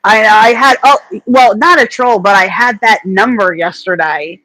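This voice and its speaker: A woman's voice: mid-range voice, unhurried, pushed and bright, dry recording, low-quality recording. A woman hosting a casual livestream chat, telling rambling anecdotes full of fillers and restarts. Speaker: host.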